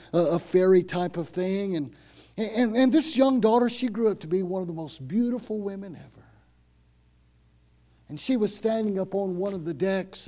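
Man, pastor, sermon in church, slightly high voice, dark mellow tone, loud-to-whisper swings.

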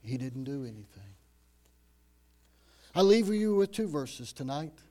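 A man preaching a sermon dramatically, rising to loud emphasis and dropping to hushed, low phrases. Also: very animated, unhurried.

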